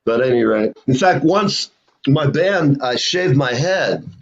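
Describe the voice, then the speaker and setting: A man's voice: medium pitch, animated, takes it slowly. A man hosting a casual live show, telling rambling stories with lots of fillers. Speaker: host. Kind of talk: casual storytelling chat. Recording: lo-fi dull sound.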